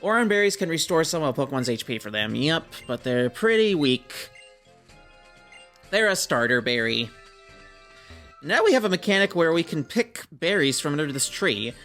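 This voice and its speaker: Slightly hoarse young man playing a game. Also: a little high, a bit bright. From Minnesota. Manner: reads game dialogue aloud in playful put-on voices. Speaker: let's-play host. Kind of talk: casual gameplay commentary.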